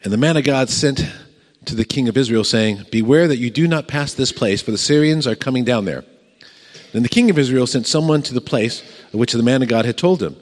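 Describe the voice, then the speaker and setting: A man preaching a sermon, telling a story with lively acted-out voices and chuckles and putting questions to the congregation. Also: medium pitch, brisk. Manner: animated storytelling, acts out voices, chuckles, asks the crowd questions. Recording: long reverb of a large hall.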